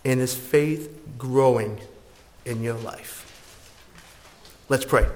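Slow-speaking earnest male preacher. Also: medium pitch, darkish tone. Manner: slow, earnest storytelling and prayer. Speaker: pastor. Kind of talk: sermon.

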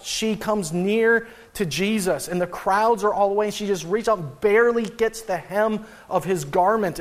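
A man preaching a sermon as pastor, reading scripture aloud and then talking it through with light chuckles and voiced asides. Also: sits high.

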